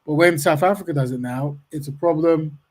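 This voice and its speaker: A man's voice: a little high, a little fast, a little mellow. A man hosting a casual discussion who repeats words as he starts a point and often agrees with "of course".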